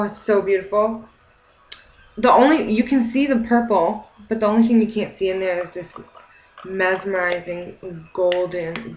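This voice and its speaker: A young woman chatting excitedly while opening a gift package, gasping and gushing over each item. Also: mid-range voice, slight background noise, rough recording. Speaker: beauty vlogger. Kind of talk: excited unboxing chat. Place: home kitchen.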